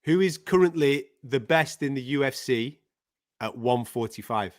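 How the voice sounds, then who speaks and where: A man interviews a guest in a relaxed, friendly way, slowing down and repeating himself to be understood. His voice sits at an ordinary middle pitch. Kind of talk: casual interview questions.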